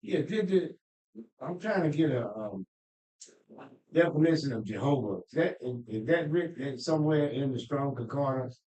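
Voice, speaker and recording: A man in a Bible class asking a question, hesitant and halting. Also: mid-range voice, expressive, warm tone, echoey room, rough recording. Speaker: class participant.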